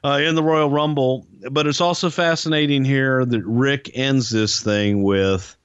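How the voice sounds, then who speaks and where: A man's voice: medium pitch, steady tone, unhurried, clear, resonant tone, no room sound. A man hosting a casual podcast, chatting enthusiastically with jokes. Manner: enthusiastic, jokey. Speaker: podcast host. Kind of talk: casual commentary. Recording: dry muffled lo-fi recording.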